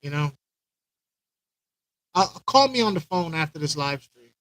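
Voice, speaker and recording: Man, high voice, dry close sound, rambling live stream host, repeats himself. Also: lively intonation, a little slow, fairly bright tone, no echo, poor audio. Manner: rambling, repeats himself, talks to viewers by name. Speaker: aquarium channel host.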